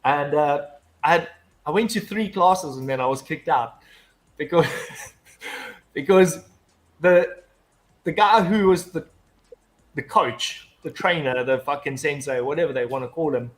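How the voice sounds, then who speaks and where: A man's voice: a little high, unhurried, long pauses. A man in casual chat, telling a long anecdote full of swearing and restarts. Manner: rambling storyteller, heavy swearing, frequent restarts. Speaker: guest.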